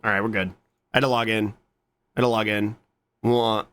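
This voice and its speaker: A man streaming and chatting casually with his viewers, excitable and swearing often. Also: fairly quick, clear, resonant tone. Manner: excitable, swears a lot, jumps to squeaky high greetings.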